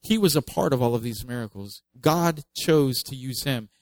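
A male pastor delivers a sermon in a relaxed, conversational manner, slipping in light jokes between scripture readings. His voice sits at a middle pitch and is recorded close and dry, with no room echo. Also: moderate pace. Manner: conversational, joking asides, reads scripture with emphasis.

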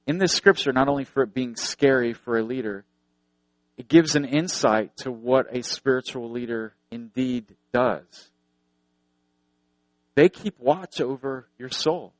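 An earnest male preacher delivering a sermon, leaning on repeated phrases to drive points home and slipping into storytelling. His voice sits at an ordinary middle pitch and sounds dry and close, with no room echo. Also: unhurried. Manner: earnest, repeats phrases for emphasis, tells anecdotes.

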